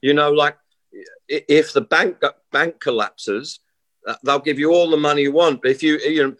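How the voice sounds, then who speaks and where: A man's voice: a little high, normal speed, dry recording. Rambling middle-aged man. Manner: rambling, animated storyteller with many restarts and quoted voices. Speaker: musician guest. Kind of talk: casual interview talk.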